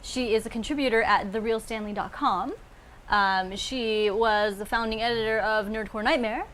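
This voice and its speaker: A young woman hosting a live panel webcast from a studio, reeling off quick, jokey introductions and laughing often. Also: fairly high pitch, fairly even intonation, fairly bright tone, a little hiss or hum. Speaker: show host.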